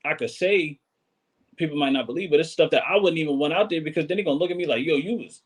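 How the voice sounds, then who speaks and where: A man's voice: on the high side, fast talker. A man talking as a podcast guest, earnest and emphatic, often repeating his points. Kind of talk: casual podcast chat.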